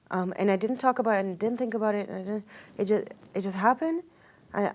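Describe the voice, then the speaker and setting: A woman's voice: mid-range voice, darkish tone. A woman from Israel, an interview guest, telling a personal story earnestly and reflectively, with many fillers and restarts.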